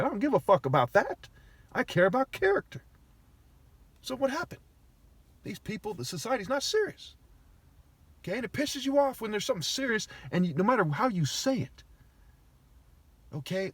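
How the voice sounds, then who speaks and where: Guy ranting at the camera, high husky voice, argues and swears a lot, dry close sound. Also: dry recording. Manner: aggrieved, argumentative, heavy swearing. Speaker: vlogger. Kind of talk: agitated ranting monologue.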